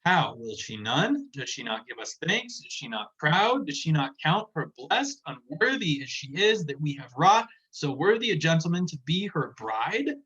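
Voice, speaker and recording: Indignant demanding father, read by a man, slightly high voice, dull lo-fi sound. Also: big pitch swings, moderate pace, hardly any pauses, a bit bright, slightly rough, full character voice. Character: angry father demanding obedience. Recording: dull lo-fi recording.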